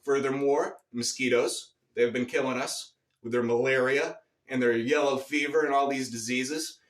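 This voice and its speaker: A man telling a rambling, profane and boastful absurd story in a deadpan comic monologue. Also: mid-range voice, moderate pace, roomy sound, recorded from a distance. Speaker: comedic storyteller.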